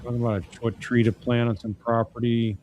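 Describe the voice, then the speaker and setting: A man's voice: medium pitch, flat delivery, fairly quick, darkish tone, lo-fi sound, a little hiss or hum. A man commenting as an attorney on trial evidence, talking in a casual, wry, conversational way as he reads out messages and reacts.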